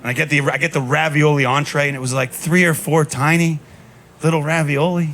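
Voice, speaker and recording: A man in his thirties doing a stand-up comedy set on a club stage, telling stories in a deadpan way with punchy asides. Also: fairly high pitch, fairly quick. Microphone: handheld stage mic. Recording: live club recording with noise. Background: audience laughter.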